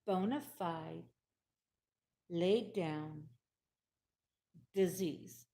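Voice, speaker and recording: Slow, emphatic storytelling woman. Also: medium pitch. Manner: emphatic, repeats herself, acts out quoted dialogue. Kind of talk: personal storytelling talk.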